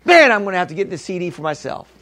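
A man with a strikingly high voice preaches in church. He is emphatic, repeats his key lines and calls out to the congregation. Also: sing-song, very fast, pushed and bright. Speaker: pastor. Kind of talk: sermon.

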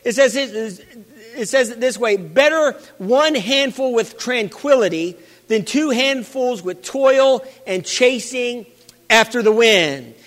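Preaching in a church hall that rings with the long reverb of a big hall, a man with a very high, fairly bright voice repeats his phrases. He keeps calling out for amens from those gathered.

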